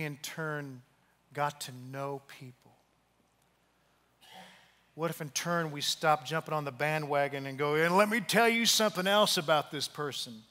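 Bright-voiced male preacher in a reverberant hall. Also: a little high. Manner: storytelling, acting out quoted voices, dropping to soft hushed tones. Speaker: pastor. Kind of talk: sermon.

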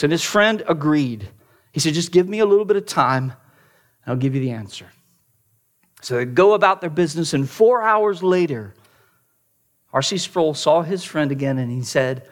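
A man preaching a sermon, telling a story with dramatic turns from loud emphasis to hushed near-whispers, often repeating the first word of a phrase. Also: a little high, lively intonation, unhurried. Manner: repeats words at starts of phrases. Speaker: pastor.

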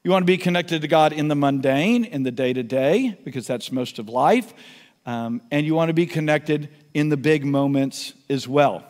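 A pastor giving a sermon, telling a story and leading prayer, moving between emphatic and hushed delivery. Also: male voice, fairly high pitch, moderate pace, big-room sound. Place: church sanctuary.

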